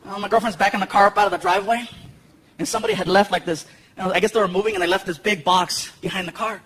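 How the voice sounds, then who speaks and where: Animated man telling stand-up stories. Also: high-pitched, rapid-fire. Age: 30s. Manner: animated storytelling, acting out voices. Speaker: stand-up comedian. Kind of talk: stand-up comedy. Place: live comedy venue with audience. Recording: noisy live show recording.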